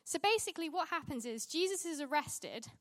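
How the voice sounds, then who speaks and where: A woman's voice: sits high, animated, fairly quick, a bit bright. A woman preaching a sermon in a conversational way, often restarting sentences and laughing at herself.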